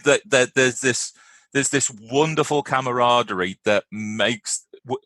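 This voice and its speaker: A man, a regular on a cricket show, chatting earnestly and fondly with frequent quick restarts. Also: medium pitch, pushed and bright, no room sound. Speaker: podcast guest and fellow regular. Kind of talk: casual chat.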